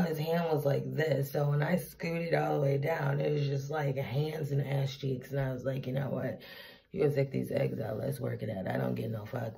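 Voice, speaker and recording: A woman's voice: very deep voice, creaky. A tired, teary woman telling a candid, profane story to her camera in a casual vlog. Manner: candid, profane, animated retelling. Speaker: vlogger.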